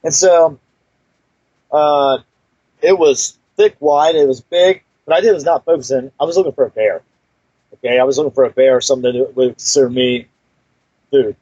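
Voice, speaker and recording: In a dull, dry lo-fi recording, a male guest storyteller shares a personal story in a casual, rambling way, full of fillers and restarts. His mid-range voice has a dark tone and breathy edge, moving at normal speed with frequent pauses.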